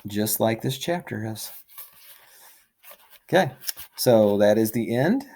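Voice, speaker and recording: A man's voice: lowish voice, animated, takes it slowly, warm tone. Casual male teacher explaining to kids. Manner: casual, explains words plainly. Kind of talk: reading a novel aloud to students.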